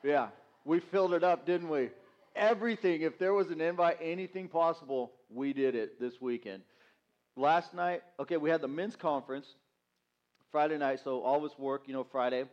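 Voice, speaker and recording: In a church sanctuary, a youth pastor gives a storytelling sermon, poking fun at himself and acting out the quotes. His voice is fairly high with a moderate pace, and the audio is dull.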